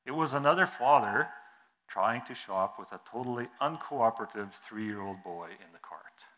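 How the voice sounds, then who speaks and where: A man giving a sermon in an earnest, measured way, reading scripture and telling an illustration, his phrases trailing off softly. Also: on the low side, animated. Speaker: preacher.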